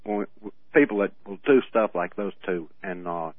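A man co-hosting a radio show in casual chat, telling rambling stories with halting restarts and frequent laughs. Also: low-pitched, no echo. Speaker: radio co-host. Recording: tinny phone-like radio audio.

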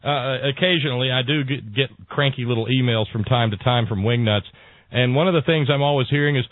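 On a political talk radio show, a hesitant male host rambles, stumbling over hesitations and repeating words. He speaks a little fast in a medium-pitched voice. The sound is dry, tinny, phone-like broadcast audio.

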